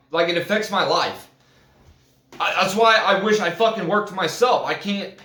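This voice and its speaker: A man ranting casually to the camera, heated and swearing, with many halting restarts. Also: sits high, a bit bright. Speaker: vlogger. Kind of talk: casual profane rant. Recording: roomy echo.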